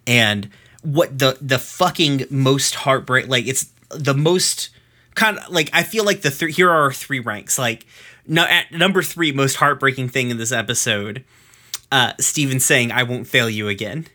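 A man in his thirties hosts a podcast and loosely recaps an episode in casual chat. His medium-pitched voice carries a bright, forceful edge, and he goes a little slowly, rambling and swearing freely amid plenty of fillers and restarts.

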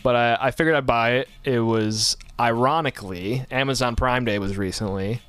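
Smooth-voiced rambling male podcast host. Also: medium pitch, normal speed, fairly bright tone. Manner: rambling, self-correcting storyteller. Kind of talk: casual chat.

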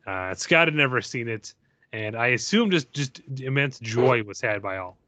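A man hosting a podcast with friends, animated and jokey, often restarting sentences. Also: mid-range voice, moderate pace, dry recording. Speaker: podcast host. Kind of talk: casual chat. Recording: dull lo-fi sound.

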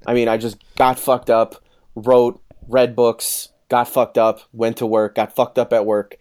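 A man in his thirties, speaking at medium pitch and a little slowly, tells a rowdy story in casual conversation. He swears freely and acts out what other people said with animated energy.

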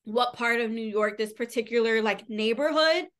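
A woman's voice: on the high side, normal speed, fairly bright tone. Chatty woman recapping a novel. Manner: chatty, rambling, heavy use of "like", casual swearing. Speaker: podcast co-host reviewing books. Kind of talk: casual book recap.

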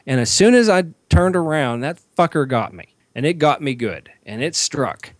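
A man co-hosting a podcast, spinning a story full of swearing and acted-out yelps. His voice sits a bit high. The sound is dry and close, with no room in it. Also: moderate pace, no room sound. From Georgia, US. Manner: animated, swears constantly, acts out his own shouts. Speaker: podcast co-host. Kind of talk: profane comic storytelling.

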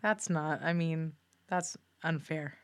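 A woman's voice: low voice, slow. A woman on a casual podcast, throwing in dry, teasing remarks. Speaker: podcast co-host. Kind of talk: casual chat.

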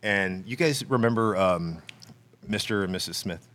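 A man on a podcast, telling a personal story in a casual, animated way, acting out the dialogue and laughing as he goes. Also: on the low side, moderate pace.

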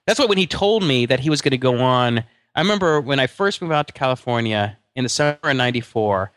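A man's voice: mid-range voice, lively intonation, fast, fairly bright tone, no echo. A middle-aged man co-hosting a podcast in casual chat, rambling with many restarts and fillers. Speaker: podcast co-host.

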